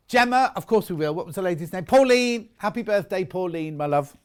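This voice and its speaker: A man's voice: high-pitched, expressive, brisk, few pauses, clean tone. A middle-aged man presenting products live on a home shopping channel, chatty, enthusiastic and jokey about himself.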